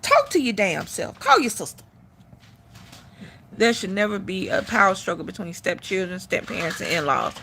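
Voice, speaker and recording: A woman's voice: mid-range voice, big pitch swings, normal speed, gravelly, sharp tone, slight background noise. A middle-aged woman hosting a live stream, giving blunt, profane opinions in casual talk.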